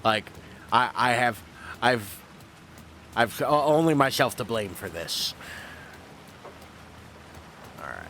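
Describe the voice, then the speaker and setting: A man's voice: medium pitch, expressive, slow pace, long pauses, pushed and bright. Guy streaming a game, chatty and rambly, swears a lot, mid voice, bit of hiss behind. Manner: rambling, self-deprecating, swears casually. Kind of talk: casual let's-play commentary.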